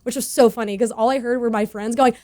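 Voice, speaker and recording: Young woman from California, country singer guest; bubbly, laughs a lot, higher voice. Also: fairly even intonation, quick pace, mellow. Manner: bubbly, laughs often, acts out quoted voices. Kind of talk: casual interview chat.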